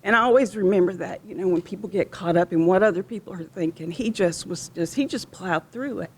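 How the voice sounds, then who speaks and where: A woman's voice: fairly low pitch, fairly quick, slight background noise. A middle-aged woman, rambling and heartfelt as she tells personal stories about a fallen police officer. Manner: rambling and heartfelt, with frequent restarts. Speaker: widow of a police officer speaking at a memorial. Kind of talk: personal storytelling speech at a remembrance gathering. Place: outdoor memorial gathering.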